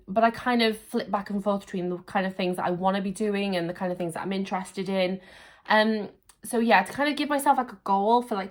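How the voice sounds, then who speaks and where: A woman in her thirties answering viewer questions in a chatty, self-deprecating vlog, laughing often. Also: medium pitch. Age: 30s. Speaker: YouTuber. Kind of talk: casual Q&A vlog.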